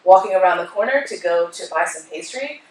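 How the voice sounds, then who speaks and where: A keynote speaker with a lowish voice talks briskly to the audience in a conference hall, an animated storyteller who acts out voices. Slight background noise accompanies the distant, echoey recording.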